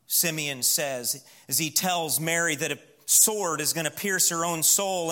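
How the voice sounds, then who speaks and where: Bright, high-voiced preaching man. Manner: preaching with rising emphatic lists. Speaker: pastor. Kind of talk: sermon. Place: church.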